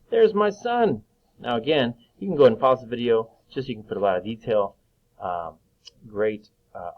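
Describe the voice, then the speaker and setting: A man teaching young children to read, slowly stretching out each sound of a word. His voice sits fairly low, and the recording is dull and lo-fi. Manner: slow, sounding out words. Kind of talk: reading lesson for young children.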